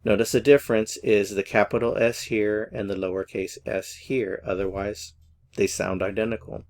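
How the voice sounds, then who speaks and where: Man, language lesson, fairly low voice, slow careful example phrases. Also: level tone, a little mellow, slight background noise. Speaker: German teacher.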